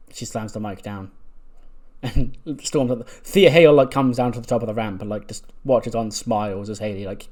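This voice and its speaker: A man's voice: fairly low pitch, a little mellow. A man casually retelling a wrestling sim game's storyline, with many fillers. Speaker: game streamer.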